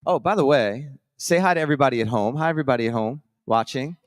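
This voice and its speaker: Energetic man hosting a live stage contest. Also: mid-range voice, fast, no echo, studio quality. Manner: energetic, beatboxing rhythms. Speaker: morning show host. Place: conference stage with audience.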